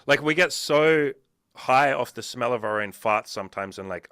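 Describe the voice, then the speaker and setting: A man chatting casually on a podcast as a business coach, swearing a lot and telling animated stories. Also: mid-range voice, moderate pace, dry recording, studio quality. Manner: profane, animated storytelling.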